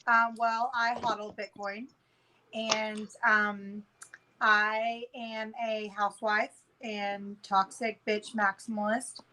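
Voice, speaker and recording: A woman in her thirties, a podcast guest telling a story in casual chat with a profane, animated manner. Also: mid-range voice, slow, a little hiss or hum, low-quality recording.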